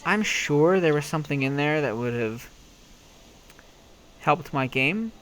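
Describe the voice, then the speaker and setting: Lively, self-mocking male game commentator. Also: a little high, a little slow, slight background noise. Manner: sarcastic, self-mocking, playful. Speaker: let's-play commentator.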